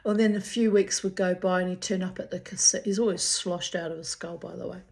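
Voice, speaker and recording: Older aussie woman reading her diary out, swears a lot, chatty asides, lowish voice. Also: level tone, quick pace, vocal fry, hardly any pauses, a little mellow. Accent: Australian.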